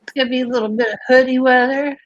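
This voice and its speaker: A woman's voice: high-pitched, steady tone, racing. A woman hosting a casual livestream, chatty, giggly and rambling, on dry, slightly dull audio. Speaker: livestream host.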